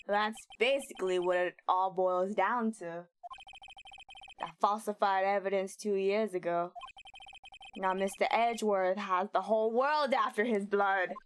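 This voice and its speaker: A woman voicing a gruff, earnest male police detective with a put-on New York accent, talking in a sheepish, plain way. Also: mid-range voice, a little slow, slight background noise, voice pushed down, lightly acted.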